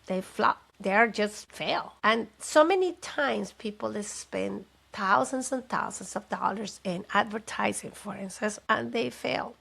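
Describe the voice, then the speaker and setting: Woman host, middle-aged, rambling live chat, gravelly fry in the voice. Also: a little high. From Mexico. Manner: chatty, rambling, animated with asides. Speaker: podcast host and business consultant. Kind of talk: casual live talk to camera.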